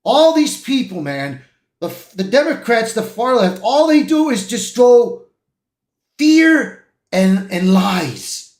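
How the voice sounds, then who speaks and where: A man hosts a live-stream reaction in a very high, lively voice that swings widely. He talks emotionally and emphatically, circling back over the same points, and his voice echoes around a roomy space. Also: takes it slowly. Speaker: channel host.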